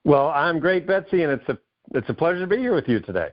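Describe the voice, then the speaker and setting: Eager guy from maine on a radio show, kinda high voice, muffled lo-fi audio. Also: quick pace. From Maine, USA. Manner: enthusiastic, animated storyteller. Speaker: guest author and keynote speaker. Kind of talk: radio interview, storytelling.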